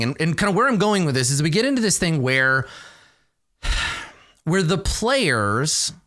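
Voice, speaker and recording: A man explains ideas about running tabletop games in an easy, conversational way. His pitch swings widely as he talks, rising and dipping for emphasis. He keeps checking in with a quick "right?" after his points. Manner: animated, ends points with "right?". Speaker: game master advice host. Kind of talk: casual explanatory talk.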